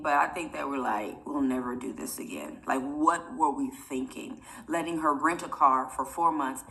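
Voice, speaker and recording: A woman's voice: deep voice, vocal fry, pushed and bright. A young woman vlogger telling a personal story to her viewers in a rambling, chatty way, often close to tears. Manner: emotional, near tears.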